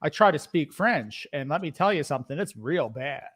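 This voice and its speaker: A man's voice: on the high side, animated, normal speed, a bit bright. A Canadian man rambling through self-mocking stories in casual live-stream banter.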